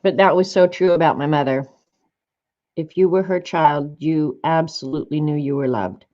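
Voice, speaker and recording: An older woman talking casually and rambling a little as she reminisces over her old journal pages. Her voice sits fairly low and has a mellow tone. The recording sounds slightly dull and lo-fi. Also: moderate pace. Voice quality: chatty, rambling, warm-hearted reminiscing. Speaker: art vlogger. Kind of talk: casual chat while flipping through journal pages.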